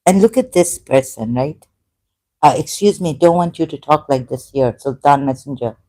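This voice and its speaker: A woman streamer talks through her chat, scolding and complaining in a halting way, full of "uh" and "um". Her voice sits a little low and has a mellow, warm tone. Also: expressive. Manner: halting, many fillers, indignant. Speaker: YouTuber. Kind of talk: live-stream commentary reading chat.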